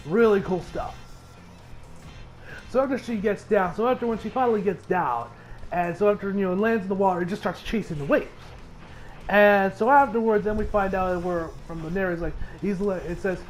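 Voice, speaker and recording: A young man giving a casual, excitable recap of an anime episode, swearing freely and rambling with restarts. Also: high-pitched, a little fast, soft background music. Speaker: anime reviewer.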